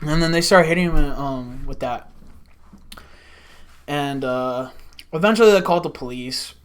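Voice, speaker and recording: A man's voice: fairly high pitch, a little slow, smooth. A young man, a podcast guest telling wild work stories in casual chat, swearing often and acting out what people said. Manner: animated, swears a lot, acts out quotes. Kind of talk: casual storytelling.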